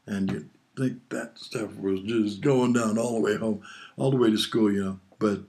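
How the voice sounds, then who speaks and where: Being interviewed, this older Hawaiian father rambles through childhood family stories in a casual way, frequently chuckling. He speaks on the low side at a moderate pace, his intonation fairly even and his tone a little mellow.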